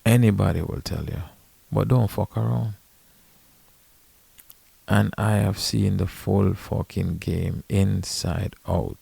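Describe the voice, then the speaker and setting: A caddy and podcast host telling stories in a blunt, profane, emphatic casual rant. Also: male voice, sits low, steady tone, takes it slowly, vocal fry, pauses often, mellow, breathy edge, no room sound.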